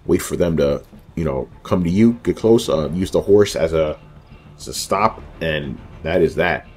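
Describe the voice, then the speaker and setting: A man's voice: deep voice, dark tone. A man giving casual commentary over a video game walkthrough, rambling loosely with lots of fillers and joking asides about himself.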